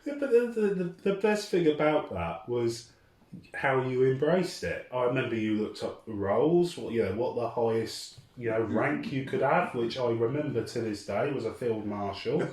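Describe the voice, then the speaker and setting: Earnest young host. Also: male voice, mid-range voice, lively intonation, moderate pace, a little mellow. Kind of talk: casual interview. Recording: roomy, from far off the mic.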